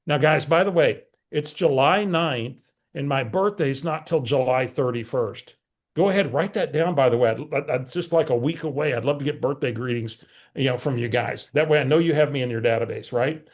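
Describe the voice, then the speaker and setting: A middle-aged man, a real estate team leader telling an animated story to a team meeting and acting out both sides of a phone call. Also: mid-range voice, fairly quick. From San Antonio, Texas. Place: meeting room with remote attendees.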